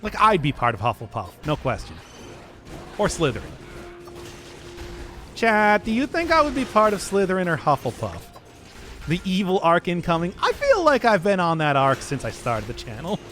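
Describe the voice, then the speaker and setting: A man's voice: high voice, huge pitch swings, normal speed, long pauses, fairly bright tone, soft background music. A man streaming a game, rambling in casual commentary and laughing at his own jokes.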